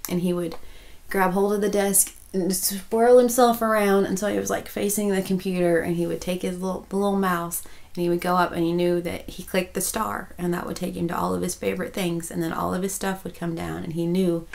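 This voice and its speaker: A woman's voice: fairly low pitch, little pitch movement, fairly quick, creaky, hardly any pauses, darkish tone, low-quality recording. A woman, chatting casually as a crochet vlogger, rambling with many restarts and turning emotional. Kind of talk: casual chat.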